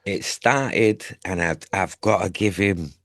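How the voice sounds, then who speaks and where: A man in his forties, a music artist, talking candidly in a relaxed conversation about his life and music. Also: takes it slowly, vocal fry, no room sound. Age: 40s. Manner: candid, laughs and jumps high in pitch when joking. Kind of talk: casual conversation.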